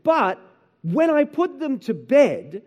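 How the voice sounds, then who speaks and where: A man preaching a sermon, telling animated stories about his children and often asking the room "right?". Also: very high voice, slow. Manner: animated storytelling, acts out his kids and himself, frequent "right?". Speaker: pastor.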